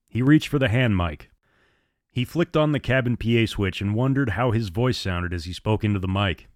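A man narrating a story in a measured, descriptive way. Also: lowish voice, lively intonation, dry recording, studio quality.

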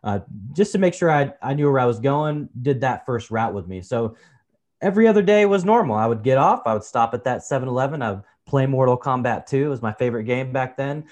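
A man in his forties, a podcast guest, telling personal stories in a relaxed, chatty way, often saying "you know" and calling the host brother. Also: medium pitch, brisk. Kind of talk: personal storytelling in a conversation.

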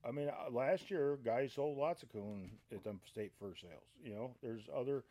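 A middle-aged podcast host with a warm, relaxed tone and a middle pitch. He talks casually but gets heated, blunt and profane. He stumbles and repeats himself as he rants. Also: normal speed. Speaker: podcast host and trapping site owner.

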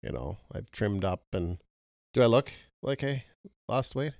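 A middle-aged man chats casually into a podcast mic, his pitch swinging up and down as he jokes at his own expense. The sound is close and dry, with no room around it. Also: sing-song, a little slow, vocal fry, darkish tone, dry recording. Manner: laughs often, self-deprecating joking. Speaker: podcast co-host. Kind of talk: casual chat.

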